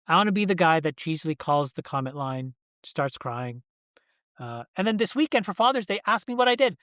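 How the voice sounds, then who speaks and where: Interview guest: man, forties, raised pitch, earnest and emphatic, dry close sound. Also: very animated, brisk, fairly bright tone, no echo. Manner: earnest, emphatic, restarts mid-sentence. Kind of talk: candid interview conversation.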